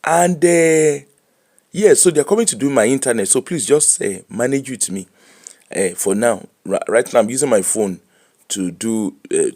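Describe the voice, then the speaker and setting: Brief: middle-aged nigerian man, pidgin accent, chatty livestream host, animated, laughs easily. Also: medium pitch. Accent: Nigerian Pidgin English. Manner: animated, laughing, switching between Pidgin and English. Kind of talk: casual live-stream chat.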